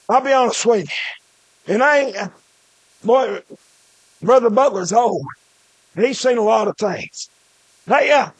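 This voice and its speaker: A man preaching a shouted revival sermon in a church, punctuating his phrases with "uh" and "hey" and dropping low between the shouts. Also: no echo.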